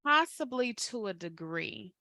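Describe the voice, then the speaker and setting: A woman on a discussion panel, making her points in a measured, thoughtful way. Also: mid-range voice, lively intonation, bright, forceful tone, no room sound, studio quality.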